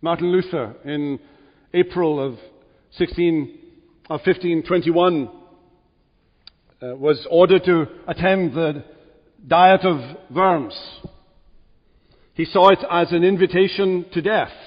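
A man preaching in a church, with a slightly high voice and an unhurried, deliberate delivery that rises to emphatic peaks. The recording sounds a little dull, and the church's reverb rings out behind him. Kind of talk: sermon.

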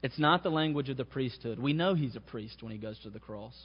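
A man's voice: mid-range voice, a little fast. A man preaching a sermon, his voice rising to stress key phrases. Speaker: pastor. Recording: muffled sound with long hall reverb.

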